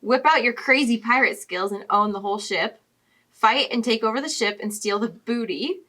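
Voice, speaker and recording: A young woman co-hosting a casual podcast chat, excitable and quick to laugh. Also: on the high side. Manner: excitable and bubbly, laughs and squeals often. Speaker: podcast co-host.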